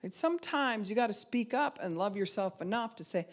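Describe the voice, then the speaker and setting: A woman pastor preaching a sermon, retelling a scripture story with lively voices for its figures and rising to loud cries at its peaks. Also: mid-range voice, brisk.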